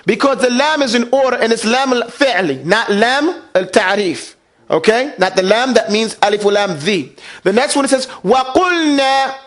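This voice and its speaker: High-voiced man teaching a class. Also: animated, moderate pace, a bit bright. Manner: asks the class questions and drills them to repeat. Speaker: Quran recitation teacher. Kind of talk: classroom lesson.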